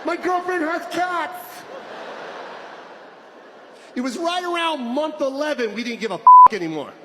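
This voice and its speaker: A man with a very high voice rants through a stand-up set, exasperated and profane. The recording is noisy and echoey, like a loud club. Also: wildly swooping pitch, measured pace. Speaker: stand-up comedian.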